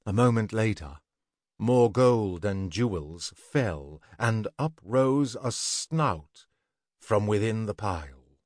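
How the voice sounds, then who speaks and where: A man narrating a scripted fantasy story in an even, deliberate way. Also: on the low side, dry recording, studio quality.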